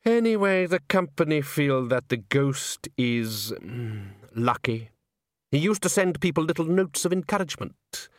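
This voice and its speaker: A man's voice: a little high, sing-song, no room sound, studio quality. A man voicing a snooty male music director who speaks with pained, superior patience. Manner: superior, drawn-out.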